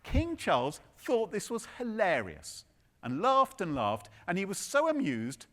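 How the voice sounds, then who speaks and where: A man delivers a comic keynote, spinning a story with theatrical asides and quick jokes. His voice sits a touch high and bright, swinging widely in pitch. He sounds like he is on a conference stage before a crowd. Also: huge pitch swings. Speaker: keynote speaker.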